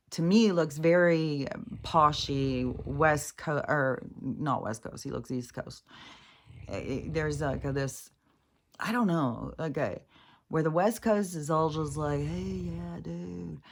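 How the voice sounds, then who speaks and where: A woman rambling casually in a spiritual vlog, swearing freely and getting animated as she retells a scene. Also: sits low. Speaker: spiritual vlogger. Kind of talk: rambling monologue.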